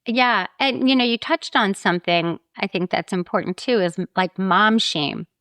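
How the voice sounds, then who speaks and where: A woman's voice: mid-range voice, normal speed, a bit bright, smooth, no room sound. A woman podcast co-host asking interview questions, supportive and affirming.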